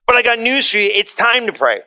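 A man preaches to a congregation with a high, bright voice. He talks to the room like a friend, shifting pitch and pace often as he makes his points. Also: big pitch swings, brisk. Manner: conversational preaching, wide swings in pitch and pace. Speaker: pastor. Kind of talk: sermon. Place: church hall before a congregation.

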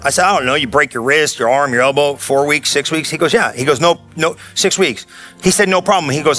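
A man preaching a sermon in a loose, conversational storytelling way, breaking into shouted bursts of excitement. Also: fairly high pitch, quick pace, soft background music.

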